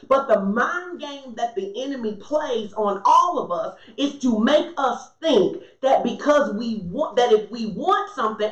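A woman's voice: high voice, fairly bright tone, roomy sound, rough recording. A woman preaching a sermon in a conversational, emphatic way, often turning to the congregation for responses.

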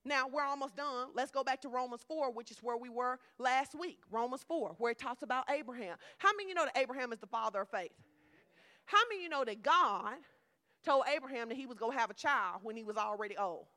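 A middle-aged woman preacher giving a lively, conversational sermon with humor. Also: high voice, fast.

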